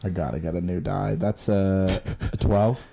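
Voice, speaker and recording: A man's voice: sits low, steady tone, moderate pace, gravelly, warm tone. A man playing a tabletop game, talking in a laid-back way. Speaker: player. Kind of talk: casual play at the table.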